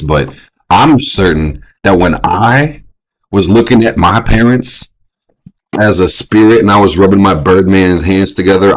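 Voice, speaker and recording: A young adult man hosting a casual astrology stream, profane and animated, often jumping into mocking voices. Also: deep voice. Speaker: astrology show host. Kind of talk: casual astrology livestream talk.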